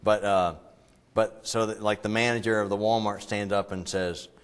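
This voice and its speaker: A man's voice: on the low side, little pitch movement, normal speed, clear, resonant tone. A middle-aged man preaching a sermon as pastor, conversational and digressive, with frequent fillers. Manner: conversational, digressive, breaks into loud acted quotes.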